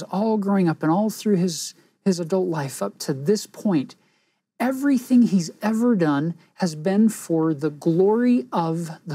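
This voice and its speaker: A woman teaching a scripture lesson in an earnest, reflective way, pausing for emphasis. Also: on the low side, mellow, breathy edge, no echo.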